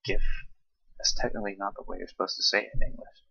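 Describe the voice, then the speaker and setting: A tired young man from Charleston with a Southern accent, reading a word list slowly and hesitantly with many ums. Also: lowish voice, flat delivery, gravelly, bright, forceful tone, breathy edge, dry recording, lo-fi sound. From Charleston, South Carolina. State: tired, late at night. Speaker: vlogger.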